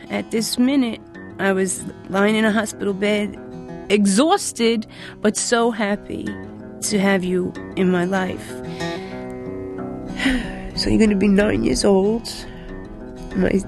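A woman recording personal messages to her young son, speaking tenderly and haltingly with pauses and restarts. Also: mid-range voice, creaky, darkish tone. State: crying.

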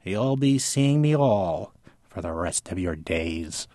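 A man voicing a ghostly ventriloquist dummy that speaks like a crazed monk in a slow, eerie, high-pitched drone. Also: lively intonation, dark tone. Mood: ghostly lament.

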